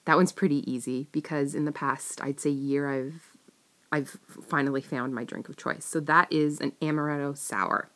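A woman's voice: low-pitched, fairly even intonation, normal speed, fairly bright tone. A young woman chatting casually to camera, rambling and giggling as she answers tag questions. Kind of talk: casual chat.

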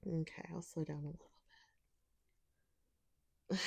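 A woman's voice: sits low, steady tone, normal speed, creaky, long pauses, mellow. A woman speaking in an intimate audio role-play, teasing and commanding, sometimes dropping to a whisper.

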